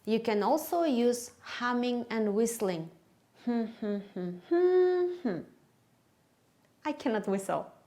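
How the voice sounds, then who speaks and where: A woman with a Kyrgyz accent, a teacher trainer giving a methodology lesson to English teachers, speaking slowly and carefully and stretching words to show their stress. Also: a little high, expressive, a little mellow.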